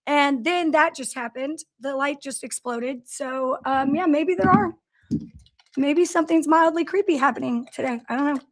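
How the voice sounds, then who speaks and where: A woman's voice: high-pitched, moderate pace. A woman hosting a casual company livestream from her office, greeting viewers by name and telling stories in a chatty way. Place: office in a large factory building.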